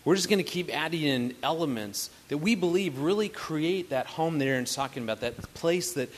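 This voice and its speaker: A man in his forties teaches a group about marriage. His voice sits a little high for a man. He talks earnestly and grows animated as he makes his points. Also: moderate pace. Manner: earnest, builds to animated storytelling.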